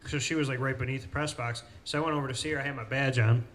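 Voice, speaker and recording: Man, host, casual storytelling, animated, acts out quotes. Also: medium pitch, very fast, a little hiss or hum. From Central New York. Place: cafe.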